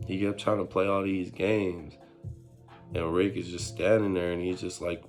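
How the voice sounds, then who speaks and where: A young man tells a story in laid-back street slang, acting out what each person said. His voice sits low and gravelly and stays fairly flat in pitch. Faint music plays underneath. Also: normal speed. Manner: street slang, animated retelling with quoted voices. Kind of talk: casual storytime.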